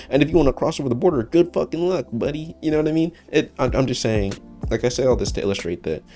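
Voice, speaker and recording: A man's voice: mid-range voice, lively intonation, quick pace, dark tone, faint music behind. A man of twenty-one from the United States, rambling casually to camera in a vlog, swearing often and breaking into laughter. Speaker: vlogger.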